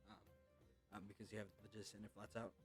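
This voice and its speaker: A man narrating as game master, telling a tabletop game in a casual, halting way. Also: lowish voice, monotone, breathy edge, faint music behind.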